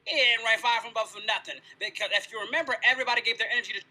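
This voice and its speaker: A man's voice: very high voice, racing, low-quality recording. A man on a casual livestream, arguing his point with energy and swearing freely while answering chat. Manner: animated, argumentative, swears freely. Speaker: streamer answering chat questions.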